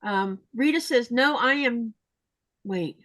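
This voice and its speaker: A woman's voice: on the high side, slow pace, a bit bright, no room sound, poor audio. A woman hosting a casual livestream chat, reading viewer comments aloud and sharing her own feelings.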